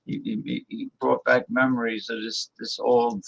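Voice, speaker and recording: A blunt male host talking politics on a casual livestream, reading viewer messages aloud. He speaks emphatically and repeats words to hammer his points home. His pace is slow and drawn out, and his voice sits at an ordinary middle pitch. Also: flat delivery, gravelly, fairly bright tone, low-quality recording.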